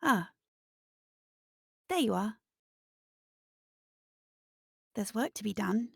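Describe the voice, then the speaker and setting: A woman voicing an ancient, chaotic, motherly female entity that speaks in a soft, solemn, commanding way. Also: mid-range voice, animated, unhurried, creaky, husky, no room sound, clean studio sound, voice pushed up, full character voice. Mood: welcoming.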